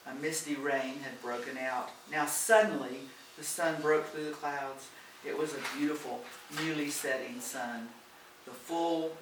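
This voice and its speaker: A man reading a novel aloud in a steady, gentle storytelling manner. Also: medium pitch. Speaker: audiobook reader. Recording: roomy, distant, faint hiss.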